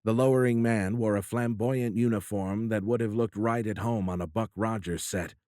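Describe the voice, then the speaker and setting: A middle-aged man narrates an audiobook from a script, his storytelling steady and even. His fairly low voice moves at normal speed, recorded in a clean studio with no room sound.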